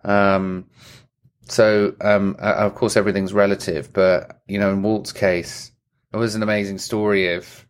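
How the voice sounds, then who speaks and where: A man's voice: lowish voice, little pitch movement, a little slow, smooth. A man hosting a casual podcast chat, rambling, swearing now and then and murmuring agreement. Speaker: podcast host.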